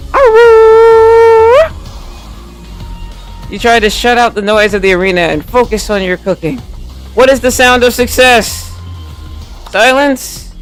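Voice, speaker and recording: A man's voice: high voice, moderate pace, fairly bright tone, soft background music. A man casually commenting on a game playthrough, reading the on-screen text aloud and cracking playful jokes. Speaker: game streamer.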